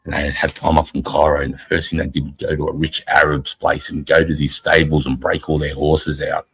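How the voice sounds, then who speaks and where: A man's voice: extremely low pitch, vocal fry, fairly bright tone, slightly rough. A middle-aged Australian man, an army veteran, talking bluntly and profanely in rambling casual chat on a live stream. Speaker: army veteran podcast co-host.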